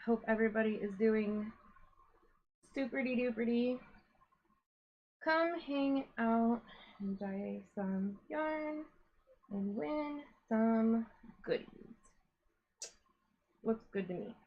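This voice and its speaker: Woman hosting a live craft stream, slow and chatty, a bit breathless, dull lo-fi sound. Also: fairly high pitch, expressive. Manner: chatty, greeting viewers one by one. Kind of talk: casual live-stream chat. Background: a dog whining now and then.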